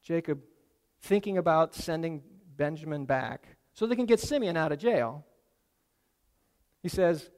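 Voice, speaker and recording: A man preaching a sermon, retelling a story in a casual, animated way with asides to his listeners. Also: fairly high pitch, measured pace, long pauses, in a large hall. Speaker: pastor.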